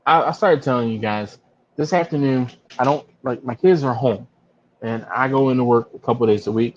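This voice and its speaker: A man hosting a casual live stream, telling stories and acting out other people's voices in a much higher pitch. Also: a little hiss or hum. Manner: storytelling, acts out other people with big jumps in pitch. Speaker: barbecue channel host. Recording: slightly dull lo-fi live stream.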